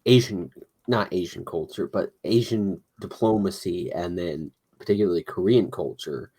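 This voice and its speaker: A man's voice: low voice, moderate pace, mellow, breathy edge. A man co-hosting a casual political chat show, explaining his views in a matter-of-fact way. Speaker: podcast co-host.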